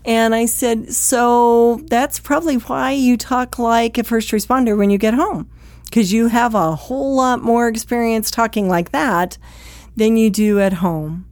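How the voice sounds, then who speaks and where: A woman's voice: fairly high pitch, unhurried, darkish tone, dry recording. A woman giving a direct, conversational talk that coaches first responders on how they speak at home, acting out quoted exchanges along the way. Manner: direct, plain-spoken, acts out quoted exchanges.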